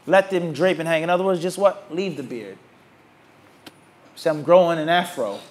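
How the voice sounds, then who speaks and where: Teaching religion to a class, this Islamic teacher speaks in a fairly high register and repeatedly stops to let his students finish his sentences. Mocking opposing views brings out a more animated side of him.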